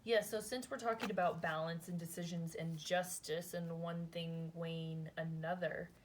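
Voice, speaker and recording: A woman's voice: fairly low pitch, steady tone, moderate pace, a little hiss or hum. A woman giving a casual tarot reading, thinking aloud in a chatty, rambling way, often adding "like" and "right?". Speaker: tarot reader.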